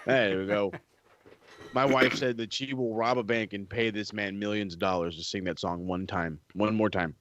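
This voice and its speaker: A man's voice: fairly low pitch, steady tone, normal speed, highs cut off, background noise. A man co-hosting a podcast in casual chat, jokey and profane, always teasing. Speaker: podcast co-host.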